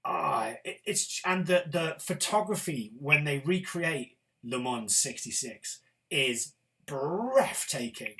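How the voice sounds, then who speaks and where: A man's voice: fairly high pitch, very animated, slow pace, fairly bright tone. A man from Britain hosting a casual film review chat, enthusiastic and opinionated, with the odd swear word. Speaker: film show host.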